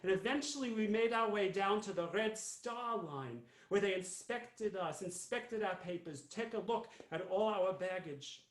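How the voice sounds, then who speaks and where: A man's voice: high-pitched, unhurried, few pauses. A man playing a fussy old immigrant grandmother. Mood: wistful. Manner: fussy, rambling storyteller who repeats "believe you me". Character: elderly Jewish immigrant grandmother, fussy, chatty, sentimental. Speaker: cantor. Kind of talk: live character monologue. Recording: roomy echo.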